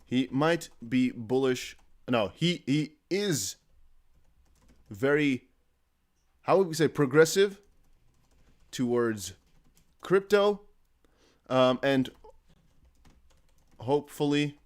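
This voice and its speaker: A man's voice: medium pitch, lively intonation, very slow, pauses often. A man hosting a casual live stream, chatty and jokey, thinking aloud with many fillers. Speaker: crypto livestream host.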